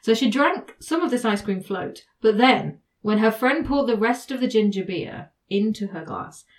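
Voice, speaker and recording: A woman's voice: fairly high pitch, lively intonation, moderate pace. A woman hosting a casual podcast. She talks in a chatty, easygoing way and laughs often as she walks through a legal case. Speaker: podcast host.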